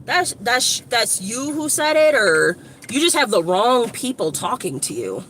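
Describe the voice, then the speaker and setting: A woman from Evanston, Illinois, giving a casual, rambling motivational talk to her phone camera outdoors, slangy and animated with lots of asides. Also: fairly high pitch, measured pace. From Evanston, Illinois, USA. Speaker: motivational vlogger. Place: outdoors by a street with shops. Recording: outdoor traffic noise.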